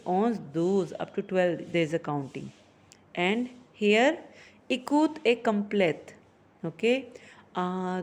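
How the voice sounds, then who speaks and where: A woman teaching a French lesson, explaining slowly and repeating phrases for her students. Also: medium pitch, a little mellow.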